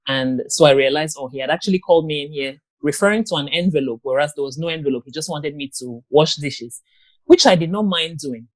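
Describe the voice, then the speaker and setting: A grown woman giving an interview guest's personal account, talking in a halting way with many pauses and restarts. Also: deep voice, no echo. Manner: halting, with frequent ums and restarts. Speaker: guest, abuse survivor and author.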